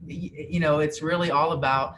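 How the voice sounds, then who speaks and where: A man's voice: fairly high pitch, steady tone, normal speed. A man co-hosting a live online marketing workshop, chiming in casually to agree and add points. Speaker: co-host. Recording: noisy background hiss.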